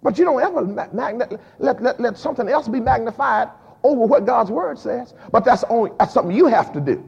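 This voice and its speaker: A man a sermon as pastor, lively and emphatic, with frequent repeated words and casual dialect. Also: very high-pitched, a little fast, vocal fry, breathy edge. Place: church sanctuary. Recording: dull lo-fi recording with long hall reverb.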